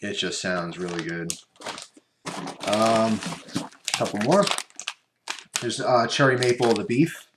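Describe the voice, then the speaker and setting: A man's voice: lowish voice, slow, pauses often. A man chatting casually through an unboxing and taste-test vlog, rambling and talking while he chews. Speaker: vlogger. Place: room at home by his computer. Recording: echoey room with background noise.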